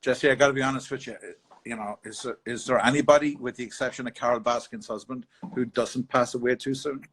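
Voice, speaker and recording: A man with a New York accent, a bar owner, chatting over a video call and telling stories in a halting way with many restarts. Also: mid-range voice, steady tone, a bit bright. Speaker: interview guest, bar owner. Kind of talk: casual storytelling chat.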